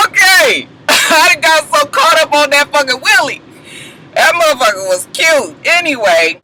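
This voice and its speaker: A woman's voice: on the high side, slight background noise, rough recording. A woman giving a blunt, profane, laughing recap of a reality TV episode in a casual vlog. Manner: blunt, swearing, laughing, animated storytelling. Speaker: TV recap vlogger.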